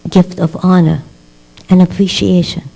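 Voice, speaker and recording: A woman's voice: lowish voice, little pitch movement, normal speed, vocal fry, dark tone, low-quality recording. An older woman, a rebbetzin, telling stories to a class in a dramatic lecture style. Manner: dramatic storyteller who acts out quoted voices. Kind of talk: storytelling lecture. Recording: mains hum underneath.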